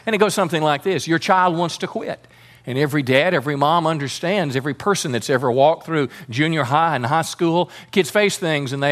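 A man's voice: a little high, animated, a little fast, fairly bright tone. A man preaching a sermon as pastor, fervent and calling on the congregation to respond.

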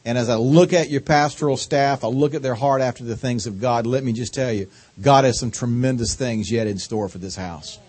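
A middle-aged man preaching with a slow Southern drawl. He keeps a folksy, joking tone as a visiting preacher and savors his syllables, at a pitch that sits in the middle for a man. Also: a little mellow, breathy edge. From North Carolina. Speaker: guest preacher. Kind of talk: sermon.

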